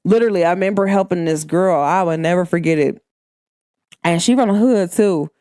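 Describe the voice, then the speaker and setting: A woman's voice: fairly low pitch, brisk, warm tone, dry recording, clean studio sound. A young American woman from Cincinnati with a Midwestern accent, hosting a podcast in a candid, emphatic, slangy monologue. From Cincinnati, Ohio, USA. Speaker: podcast host. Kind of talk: casual monologue.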